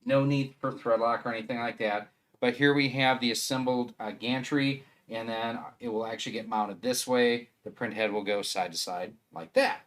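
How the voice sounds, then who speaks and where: A man's voice: medium pitch, normal speed, fairly bright tone. A man with a Wisconsin accent chatting casually on a live stream, rambling and thinking aloud as he assembles a 3D printer.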